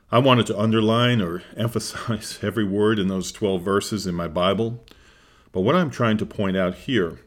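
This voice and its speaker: Low-voiced male Bible teacher, earnest and measured, scripted devotional delivery.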